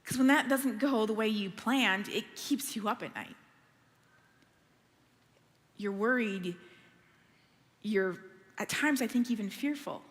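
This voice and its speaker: A middle-aged woman preaching a sermon in a church, telling stories in a lively, conversational way. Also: a little high, takes it slowly, pauses often, in a large hall. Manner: animated, conversational storytelling.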